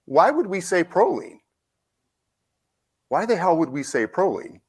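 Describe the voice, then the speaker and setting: A middle-aged man giving a conference lecture. He tells an anecdote in an animated way, acts out both sides of the conversation and often asks "right?". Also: high voice, measured pace, breathy edge. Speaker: nutrition researcher giving a conference talk. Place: lecture hall.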